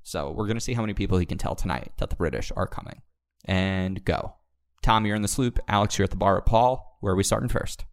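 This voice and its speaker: A young man narrating a tabletop game as game master, quick and animated. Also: low voice, gravelly.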